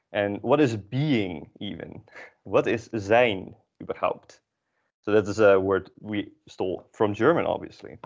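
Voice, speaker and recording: A man teaching a beginner Dutch class, explaining in a relaxed, chatty way with many fillers. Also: lowish voice. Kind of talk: casual classroom lesson. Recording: dull lo-fi recording.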